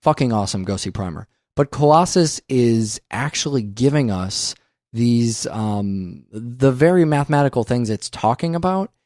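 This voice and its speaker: A man's voice: mid-range voice, lively intonation, normal speed, a little mellow, dry recording, clean studio sound. A man hosting a film podcast in casual discussion, emphatic and opinionated, swearing often. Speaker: podcast host.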